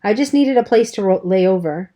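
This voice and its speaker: A woman's voice: medium pitch, animated, fairly quick, dark tone, close to an everyday voice. A woman doing a brash teenage tough guy. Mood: offhand. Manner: brash, offhand. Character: tough cocky teenage boy hood, gruff.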